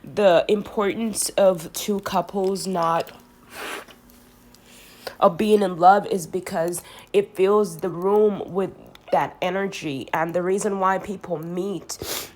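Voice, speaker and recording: A woman with a fairly low voice talks to camera in a long, earnest monologue. She rambles, restarts her sentences and leans on fillers, and her voice sounds a little congested. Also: fairly even intonation, slow pace, a little mellow. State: congested from sinus trouble.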